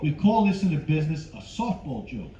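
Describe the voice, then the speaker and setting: An older man performing a stand-up comedy set, animated and teasing the crowd from a club stage on a handheld mic. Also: fairly high pitch, brisk. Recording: echoey club room, slightly dull.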